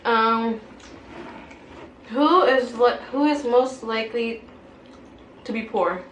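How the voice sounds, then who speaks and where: A woman's voice: a little high, takes it slowly. A young woman hosting a casual chat over a meal, giggly and eating as she reads out questions. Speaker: host. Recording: echoey room with background noise.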